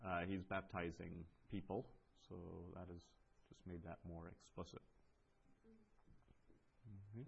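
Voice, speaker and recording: A man teaching a language class, explaining patiently with pauses and restarts, reading phrases aloud. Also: low voice, level tone, vocal fry, husky, highs cut off. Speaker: Greek teacher. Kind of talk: classroom lecture.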